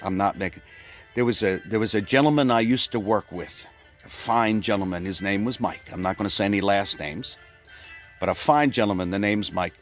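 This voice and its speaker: A man from Pennsylvania telling a rambling comic story, full of stumbling restarts and deadpan exaggeration. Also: lowish voice, a little fast, soft background music. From Pennsylvania, USA. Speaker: comedian.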